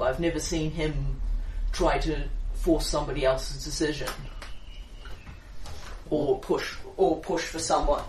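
Thoughtful tabletop player, distant mic. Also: mid-range voice. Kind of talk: tabletop game discussion. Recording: roomy, distant mic, faint noise.

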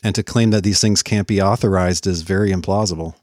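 A man's voice: low-pitched, fairly even intonation, brisk, darkish tone, no echo, clean studio sound. A man giving confident, dismissive rebuttals in a formal debate.

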